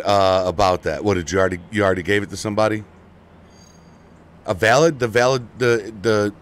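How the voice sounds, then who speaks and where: A man chatting casually with viewers while he streams a racing game, excitable and prone to sudden shouts into his desk microphone. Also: sits low. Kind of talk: casual live-stream chat.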